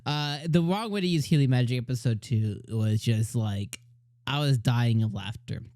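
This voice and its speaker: A man's voice: mid-range voice, moderate pace, a little mellow, no echo, studio quality. A man hosting an anime review channel, chatting casually, rambling and laughing often as he retells scenes.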